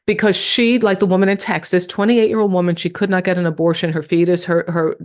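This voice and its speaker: Lively lower-voiced woman telling stories. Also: fast. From New York. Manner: animated storytelling, acts out quoted dialogue. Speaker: comedian guest. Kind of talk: casual podcast chat.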